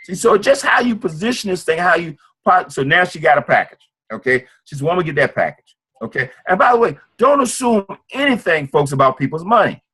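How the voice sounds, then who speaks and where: A man giving an informal sales training talk, fast and acting out sales calls. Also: high-pitched, very animated, sharp tone, slightly rough. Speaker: network marketing trainer.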